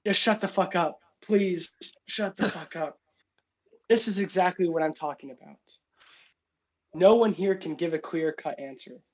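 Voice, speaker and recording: A man's voice: sits high, measured pace. Man voicing a stern female commander, lecturing, exasperated, muffled mic. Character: stern woman commander scolding a hero team.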